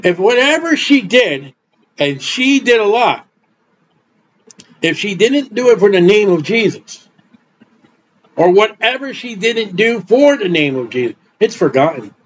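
Middle-aged male preacher, high-pitched, blunt rambling delivery, muffled lo-fi recording. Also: sing-song, a little slow, long pauses, a little hiss or hum. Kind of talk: informal sermon. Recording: dull lo-fi recording.

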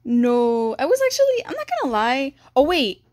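A young woman giving excited game walkthrough commentary, gushing and gasping and repeating "dude" and "bro". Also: high-pitched, moderate pace, no echo, clean studio sound. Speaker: gaming video creator.

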